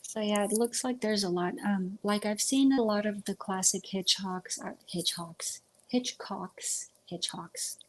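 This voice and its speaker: A woman's voice: medium pitch, moderate pace, few pauses. Woman, livestream host, casual chat, rambling, filler-heavy, at home. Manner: chatty, rambling, many ums. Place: at home with pets.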